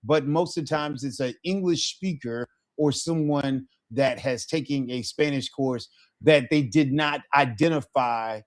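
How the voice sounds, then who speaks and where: A man leads a live Spanish lesson with a patient, encouraging manner. He keeps checking in with his student as he goes, and his voice sits at an everyday middle pitch. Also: measured pace. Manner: encouraging, checks in with frequent "all right?". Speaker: Spanish teacher.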